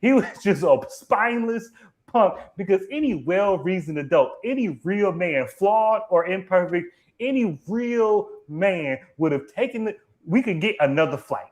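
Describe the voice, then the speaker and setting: Brief: high-voiced man, heated, colloquial live review commentary. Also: lively intonation, unhurried, darkish tone. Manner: emphatic, colloquial, repeats words when heated. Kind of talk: live TV episode review chat.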